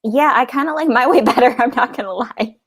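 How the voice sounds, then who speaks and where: A woman's voice: a little high, a little fast, breathy edge. A woman co-hosting a podcast in casual chat, joking and laughing often. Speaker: podcast co-host.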